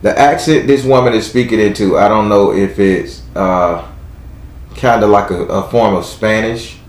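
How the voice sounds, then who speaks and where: A man with a Southern US accent reads tarot live for a caller, blunt and chatty as he talks aloud to the spirits. His voice sits on the low side. The sound rings in an echoey room. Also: moderate pace. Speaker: tarot reader. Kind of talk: live tarot reading call-in.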